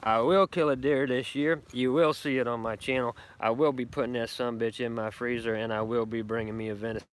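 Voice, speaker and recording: A man's voice: mid-range voice, fairly even intonation, fairly quick, few pauses. A middle-aged man, rambling brashly and profanely on a casual live stream from his woodland camp. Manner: brash, profane, boastful country talk. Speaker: bushcraft vlogger doing a live stream.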